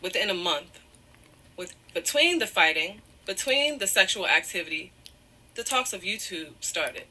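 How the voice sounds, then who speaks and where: Bright-voiced woman, emotional and apologetic. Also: medium pitch, expressive, normal speed. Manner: apologetic, repeats "however", digresses. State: close to tears. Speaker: guest telling her side of a breakup. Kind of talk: emotional personal storytelling.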